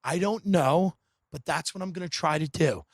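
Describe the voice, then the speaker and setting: A man hosting a podcast, riffing in a sarcastic, deadpan comedic monologue full of dark satire and sudden mimicked voices. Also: fairly high pitch, normal speed, no echo. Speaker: podcast host.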